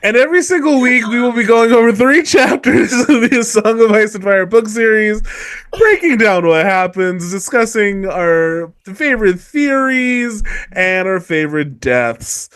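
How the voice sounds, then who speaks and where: A man's voice: high voice, lively intonation, a little slow, fairly bright tone, clear, resonant tone, no room sound. A man co-hosting a podcast in casual chat, with a dry, teasing manner. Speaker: podcast co-host.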